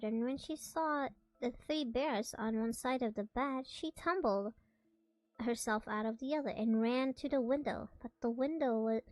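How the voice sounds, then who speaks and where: A woman's voice: on the high side, darkish tone, dry recording, rough recording. A young woman streamer reading a storybook aloud, playful and giggly, correcting herself as she goes.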